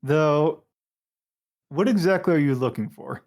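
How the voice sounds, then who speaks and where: A woman's voice: low-pitched, measured pace, darkish tone. A man voicing a poised, knowing woman with a teasing manner in a tabletop game.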